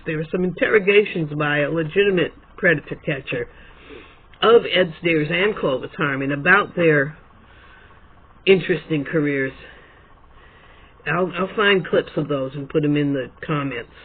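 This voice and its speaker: Husky high-voiced man rambling at home. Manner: digressive, self-correcting, chatty. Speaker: video blogger. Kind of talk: rambling storytelling monologue. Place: room at home with a quilt behind him. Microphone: camera at his desk. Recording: tinny phone-like sound.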